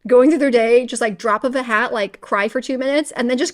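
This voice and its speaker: A woman's voice: fairly high pitch, a little fast. A woman co-hosting a book podcast, talking casually with lots of fillers and acting out her own inner voice. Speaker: podcast co-host. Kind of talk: casual book-club chat.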